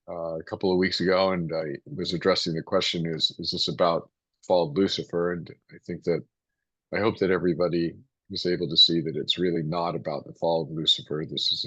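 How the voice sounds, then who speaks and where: A man reading scripture aloud and then explaining it in a loose, hesitant teaching style, clearing his throat now and then. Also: low-pitched, fairly bright tone, no room sound, highs cut off. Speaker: Bible teacher.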